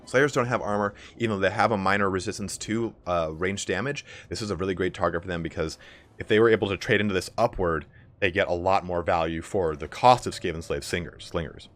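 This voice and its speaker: A young man with a raspy, allergy-hoarse voice giving casual play-by-play commentary on a strategy game match. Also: sits low, a bit bright. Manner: casual, fast-flowing play-by-play with fillers. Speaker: game caster.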